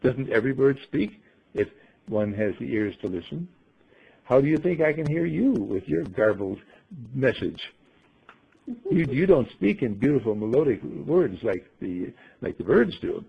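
A man voicing a calm, wise talking bird that lectures in a gently superior way. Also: mid-range voice, unhurried, gravelly, breathy edge, lo-fi sound, exaggerated voice. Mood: lecturing.

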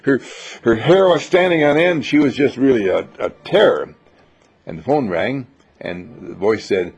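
A man's voice: mid-range voice, expressive, measured pace, a little mellow, slightly rough, faint music behind. A man giving an enthusiastic, repetitive inspirational lecture to a seminar, on a dull lo-fi recording. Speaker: seminar teacher.

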